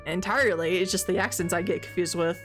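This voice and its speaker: A woman's voice: on the low side, fairly even intonation, quick pace, fairly bright tone, soft background music. A young woman streaming a game, chatting casually in a rambling, giggly way with lots of fillers. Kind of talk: casual gaming commentary.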